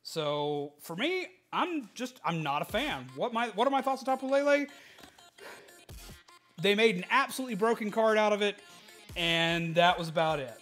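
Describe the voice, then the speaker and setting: A man's voice: high-pitched, animated, moderate pace, a bit bright, soft background music. A man casually chatting on a live stream, answering viewers and laughing easily.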